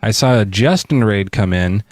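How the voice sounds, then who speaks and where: Low-voiced man hosting a dry-sounding chat. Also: no room sound. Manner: loose, improvising, quick to laugh. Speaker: podcast host and streamer. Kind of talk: casual debate chat.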